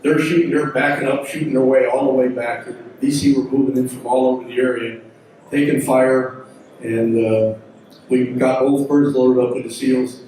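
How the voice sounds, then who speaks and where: A man's voice: mid-range voice, steady tone, moderate pace, warm tone, a little hiss or hum. An older man, a veteran pilot, telling war stories to an audience in a folksy, rambling way, often backing up to add details. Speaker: symposium speaker, veteran helicopter pilot. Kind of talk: storytelling talk to an audience. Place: large hall. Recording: echoey hall recording from far off.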